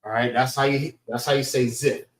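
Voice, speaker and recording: A man teaching a class in a casual, drawn-out way, often checking in with "all right?". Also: medium pitch, steady tone. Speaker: class instructor. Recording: echoey room.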